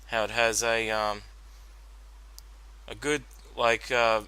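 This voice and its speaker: A man's voice: lowish voice, level tone, slow pace, pushed and bright, clean tone, rough recording. A man giving a solo commentary on a cartoon episode, rambling with many fillers and restarts. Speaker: reaction commentator.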